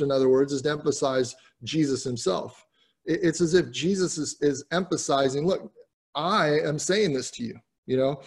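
A pastor gives an earnest, explanatory Bible teaching in sermon style, often repeating words as he restarts his sentences. His voice is on the high side and slightly rough.

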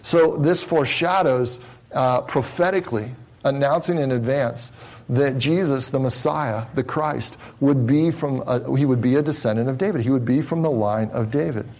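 A pastor of medium pitch teaches the Bible in an explanatory sermon, with rough recording quality. He regularly throws rhetorical questions at his audience and lets his voice slow and quiet on the key phrases.

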